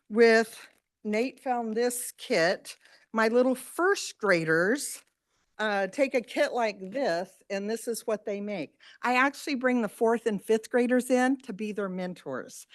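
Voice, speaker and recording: A woman who teaches after-school sewing, giving an animated, chatty public comment at a school board meeting. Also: on the high side. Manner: animated, chatty, quotes the kids.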